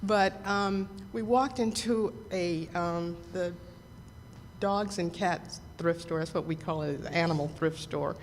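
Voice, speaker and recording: A woman's voice: lowish voice, measured pace. Chatty woman telling a story in a hall. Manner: chatty, hesitant storytelling with fillers. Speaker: congregant sharing news. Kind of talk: casual personal story to a congregation. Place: church sanctuary. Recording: hall reverb with faint background noise.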